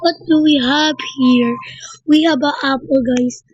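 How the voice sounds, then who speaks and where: A woman's voice: high-pitched, fairly even intonation, measured pace, dry recording, soft background music. A woman giving casual, playful gameplay commentary and chatting to her viewers. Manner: chatty, talks to viewers as "guys". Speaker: gameplay streamer. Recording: dull lo-fi sound.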